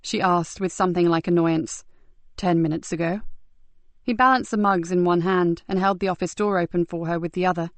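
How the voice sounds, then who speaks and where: A woman narrating a crime novel audiobook in a steady, even reading manner. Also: lowish voice, fairly quick, hardly any pauses, dry recording. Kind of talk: scripted narration.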